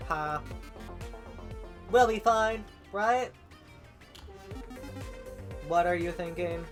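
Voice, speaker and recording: Man reading game dialogue aloud. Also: fairly high pitch. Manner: reads all the dialogue and narration himself, with stumbles and asides. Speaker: streamer. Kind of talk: reading a visual novel aloud on a live stream.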